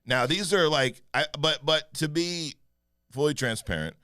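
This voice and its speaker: A man co-hosting a podcast in casual, animated chat, joking and mimicking voices. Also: fairly high pitch, measured pace, clean tone, dry recording, studio quality. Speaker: podcast co-host.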